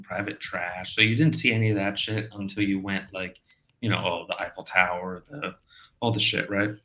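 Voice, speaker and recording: A man from Brazil, a podcast guest, telling stories animatedly with lots of swearing. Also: on the low side. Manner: animated storyteller, swears a lot, acts out quotes. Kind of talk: casual chat.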